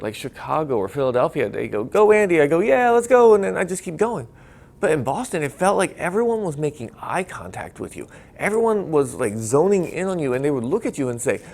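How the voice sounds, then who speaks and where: A man telling the story of running a marathon in a casual vlog, enthusiastic and getting loud and excited when he retells the cheering crowd. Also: mid-range voice, vocal fry. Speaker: marathon runner telling his race story.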